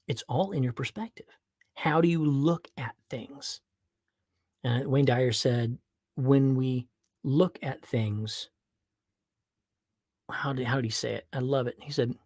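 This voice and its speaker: A man hosting a podcast, giving an upbeat, animated motivational monologue with playful exclamations. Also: medium pitch, normal speed, husky, no room sound, clean studio sound. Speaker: podcast host.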